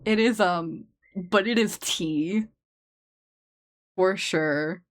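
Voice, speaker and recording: A woman's voice: on the low side, extremely slow. A young woman streamer chatting casually while she draws, laughing often and swearing offhandedly.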